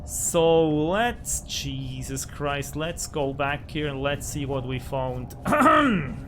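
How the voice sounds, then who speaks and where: A man's voice: mid-range voice, slow, slight background noise. Frustrated man narrating a survival game. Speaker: gaming channel host. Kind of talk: let's play commentary. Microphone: desk microphone.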